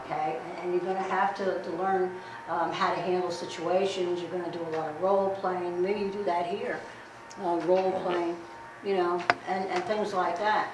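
A woman's voice: on the low side, level tone, normal speed. Blunt streetwise woman in echoey room. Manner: blunt, streetwise, repeats herself. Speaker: guest speaker on safety. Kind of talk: classroom talk with demonstration. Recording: echoey room recorded from far, noisy.

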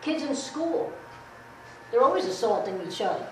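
A woman's voice: on the high side, animated, normal speed, a little mellow, faint music behind. A middle-aged woman giving a blunt, streetwise safety talk to a class, repeating herself as she demonstrates. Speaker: guest speaker on safety. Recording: echoey room recorded from far, noisy.

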